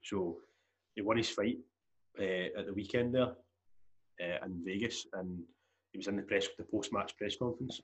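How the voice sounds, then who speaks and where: A man's voice: lowish voice, moderate pace, long pauses. A young Scottish man chatting casually as a podcast co-host, rambling and swearing freely. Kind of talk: casual chat.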